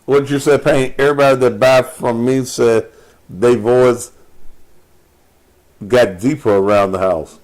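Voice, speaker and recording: Male call-in host, foul-mouthed joker, mid-pitched everyday voice. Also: fairly even intonation, unhurried, pauses often, darkish tone. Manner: crude, profane, joking banter. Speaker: radio call-in show host, addressed as pastor. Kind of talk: live call-in talk show.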